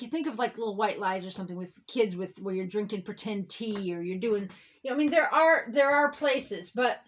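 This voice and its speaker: A woman's voice: fairly high pitch, fairly bright tone. A woman reverend giving a rambling spiritual talk in a conversational way, often checking in with "okay?" and "right?". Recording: dull lo-fi recording.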